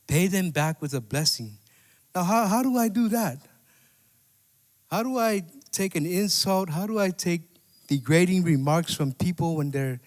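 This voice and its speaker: A man's voice: a little high, darkish tone. A man preaching a sermon as pastor, talking to the congregation in a conversational way and often asking "right?". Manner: conversational preaching with repeated "right?" and scripture quotes. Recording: long hall reverb.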